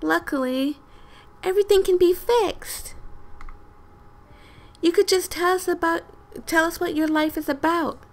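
A woman voicing a bossy, perky young woman from a game, reading her lines in a brisk, coaxing way. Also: very high voice, voice pushed up.

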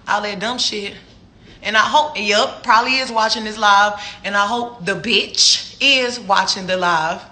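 A woman's voice: medium pitch, sharp tone, a little hiss or hum. Woman ranting profanely on a live stream. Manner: profane, heated, slow emphatic delivery with laughter.

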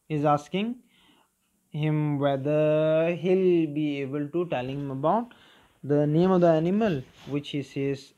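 A man, teaching a children's lesson, who keeps asking "okay?" and "clear?". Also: a little high, a little mellow, highs cut off. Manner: repetitive, checking understanding with "clear?" and "okay?". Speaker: English teacher. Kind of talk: recorded primary school lesson.

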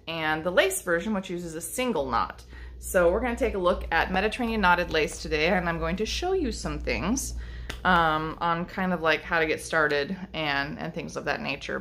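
A woman's voice: fairly low pitch, bright, forceful tone. A middle-aged woman chatting casually to camera about her lace-making, rambling with lots of ums and restarts. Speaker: lace-making vlogger and teacher. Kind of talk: casual chat showing crafts to camera.

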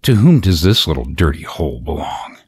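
A man voicing a proud, unhappy young princess in a soft, hushed, sighing way, as whispered role-play in a storybook reading. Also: a bass voice, sing-song, moderate pace, a little hiss or hum. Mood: disdainful.

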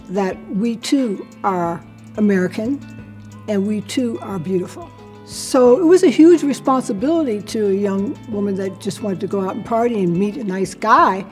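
A woman in her sixties telling her own career story to camera, lively and acting out the people in it. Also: medium pitch. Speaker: interviewee recounting her career.

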